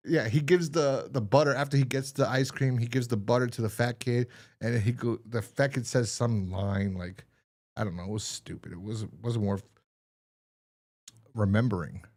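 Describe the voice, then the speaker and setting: A man's voice: medium pitch, steady tone, normal speed, a little mellow. A man co-hosting a podcast in casual chat, rambling and exasperated as he retells a TV episode and acts out its lines. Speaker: podcast co-host.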